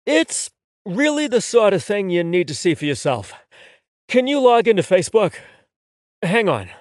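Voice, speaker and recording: A man's voice: high-pitched, sing-song, no echo, studio quality, voice pushed up. A man doing a brash, shameless young guy. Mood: wry. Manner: blunt, shameless, quick-talking. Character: brash, blunt young man, the fake boyfriend. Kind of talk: audiobook dialogue.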